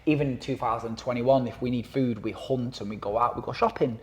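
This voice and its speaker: Speaking briskly in a mid-range voice, a male campaigner against knife crime chats informally as a podcast guest. He wanders through his points with fillers and false starts. Quotes get performed in voices, in the style of a lively storyteller.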